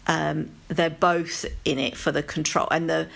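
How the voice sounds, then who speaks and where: London woman, low-pitched, chatty podcast co-host, rambly and lively. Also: a little slow, vocal fry. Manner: chatty, rambling, animated asides. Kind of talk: casual chat about TV.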